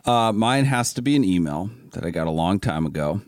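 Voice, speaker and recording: A man's voice: sits low, expressive, fairly quick, no room sound, clean studio sound. A man co-hosting a casual car podcast, talking in an easygoing, jokey way and laughing as he reads. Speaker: podcast co-host.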